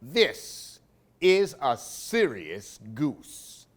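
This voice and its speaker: A man reading picture books aloud for children in an expressive, sing-song way. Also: medium pitch, extremely slow. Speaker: storyteller for a library program.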